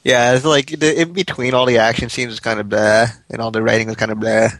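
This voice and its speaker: A man's voice: medium pitch, level tone, fast, fairly bright tone, no echo. A man hosting a casual chat, blunt and laid-back, with crude jokes.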